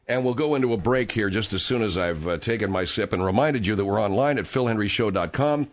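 A man's voice: lowish voice, fast, few pauses. A man hosting a radio talk show, bickering with his co-host and coughing from a tickle in his throat. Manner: exasperated, bickering.

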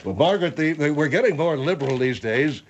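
Man voicing a rambling sidekick, slightly high, muffled lo-fi sound, faint hiss. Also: lively intonation, a little fast. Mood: wry. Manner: rambling, hesitant.

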